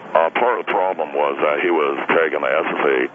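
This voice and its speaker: A man voicing a slow, halting male caller who repeats himself and gets flustered. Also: rumbling low, voice pushed down. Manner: halting, repetitive. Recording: tinny phone line with noise.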